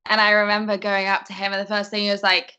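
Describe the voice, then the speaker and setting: A woman guest chats eagerly over a video call from home and pokes fun at herself. Her voice is bright and forward, at a middle pitch. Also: monotone, fast talker, clear, resonant tone. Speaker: guest actor. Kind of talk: casual chat.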